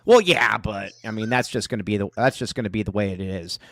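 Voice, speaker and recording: A man's voice: on the low side, quick pace, vocal fry, a bit bright, no echo, clean studio sound. A man hosting a casual sports podcast, rambling and joking with plenty of fillers. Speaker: podcast host.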